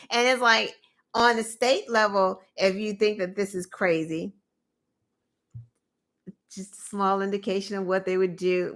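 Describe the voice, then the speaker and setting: A woman host giving opinionated political commentary, indignant and animated, with mocking asides. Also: medium pitch.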